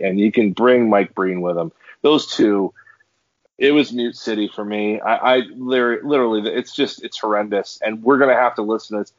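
A man's voice: lowish voice, no room sound, dull audio. A man co-hosting a sports podcast, ranting emphatically with many restarts and repeated words. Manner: emphatic, repetitive restarts, angry. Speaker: podcast co-host. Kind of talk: heated sports podcast rant.

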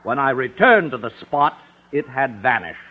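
An actor playing a pompous, stern school official in a 1950s radio sitcom. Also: male voice, mid-range voice, very animated, normal speed. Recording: muffled old radio broadcast.

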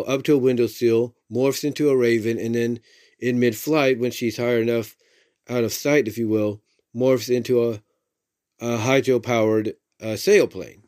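A man talking through a story recap in a loose, unscripted way. His voice sits at a middle pitch for a man, and he keeps tripping over himself, backing up and filling the gaps with the same stock phrases. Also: fairly even intonation, moderate pace, darkish tone. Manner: rambling, many fillers and restarts, repeats "if you will".

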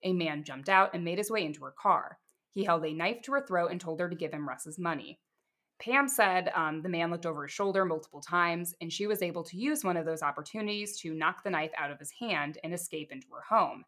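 A woman co-hosting a podcast, telling a crime case in a casual, steady way with chatty asides. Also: fairly low pitch, fairly quick. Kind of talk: casual true crime storytelling.

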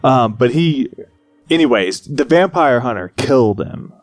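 A man's voice: mid-range voice, expressive, a little slow. A man playing a character in a tabletop role-play game, telling his story in an earnest, rambling way. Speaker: player voicing a character.

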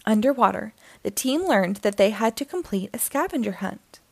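A woman reading a children's picture book aloud as a storytime host, in an animated, expressive way. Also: fairly high pitch, normal speed, creaky.

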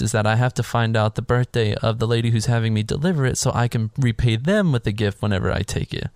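A man in casual podcast chat, retelling a film scene by scene and acting out the characters in higher voices. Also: quick pace, hardly any pauses, no room sound, clean studio sound. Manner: animated, acts out characters' lines in higher voices.

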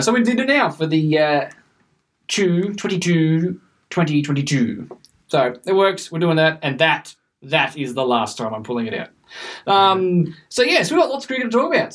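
A man hosting a casual cricket podcast, chatting in a relaxed way with frequent fillers. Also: fairly high pitch, far from the mic. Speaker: podcast host. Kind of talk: casual chat.

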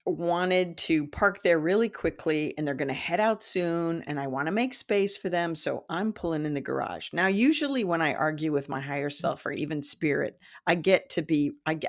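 Animated woman in her fifties storytelling. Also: fairly low pitch. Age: 50s. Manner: animated, laughs often, acts out quoted dialogue. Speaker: psychic development teacher. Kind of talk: casual storytelling monologue.

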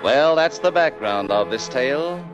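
A man's voice: on the high side, animated, unhurried, highs cut off, over music. A man narrating a 1940s radio comedy in sing-song rhyming patter.

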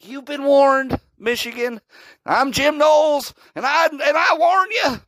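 A man doing a mocking impression of a boastful, blustering male football coach who shouts self-important warnings. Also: extremely high pitch, a little slow, dry recording, voice pushed up, poor audio.

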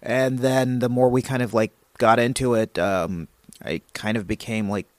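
A man's voice: mid-range voice, fairly even intonation, moderate pace, no echo. A man telling stories in a casual interview, rambling with lots of fillers. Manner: rambling, filler-heavy storytelling. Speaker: guest comedy writer.

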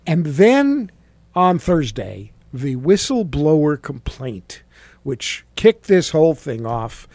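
A middle-aged male radio host delivers mocking political commentary in a sarcastic way. His voice is high for a man. The sound is dry and close to the mic. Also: sing-song, slow pace, darkish tone, dry recording. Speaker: radio talk show host.

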